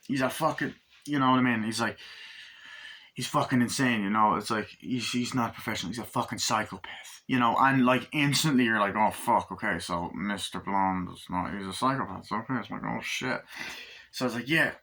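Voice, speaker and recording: Bright-voiced young man rambling about a movie. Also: on the low side, brisk. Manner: retells scenes by acting out lines in raised, shouty voices, heavy swearing; rambling, loose, filler-heavy retelling. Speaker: movie reviewer. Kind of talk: casual spoken movie review.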